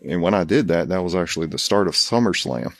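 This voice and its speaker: A man doing a comedic impression of a raspy, boastful older male pro wrestler who rambles through a tall tale full of restarts. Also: deep voice, lively intonation, a little fast, no room sound, faint music behind, full character voice. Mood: rambling. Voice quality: raspy, gravelly.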